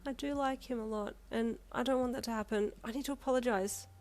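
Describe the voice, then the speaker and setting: In a fan fiction audio reading, a tearful teenage girl, voiced by a woman, sobs in a high, strained voice. Her words come out wailing and shaky. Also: a little fast, a little mellow, lightly acted. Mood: panicked. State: crying.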